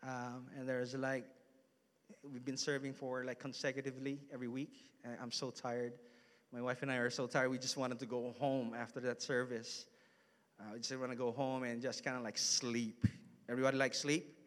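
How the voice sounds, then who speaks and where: A man's voice: medium pitch, flat delivery, moderate pace. A man in his thirties preaching a casual storytelling sermon in a church hall, chatty and full of asides to the congregation. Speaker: pastor.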